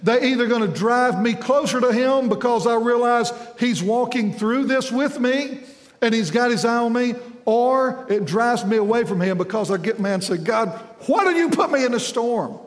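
High-voiced preacher in an echoey hall. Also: male voice, moderate pace. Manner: folksy, conversational, quizzes the congregation, stumbles over repeated words. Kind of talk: sermon. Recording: echoey hall with long reverb.

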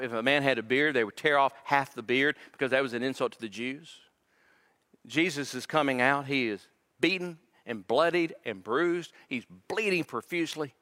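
A man's voice: medium pitch, sharp tone. A male pastor preaching a sermon in a church, dramatic and emphatic, repeating words as his intensity builds. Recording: long reverb of a large hall.

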